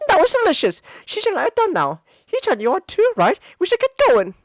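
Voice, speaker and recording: A man's voice: very high voice, wildly swooping pitch, brisk, no echo, pitched above the performer's own voice, heavily acted. A man voicing a bubbly, cheerful teenage schoolgirl in a sing-song, eager way. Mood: chirpy.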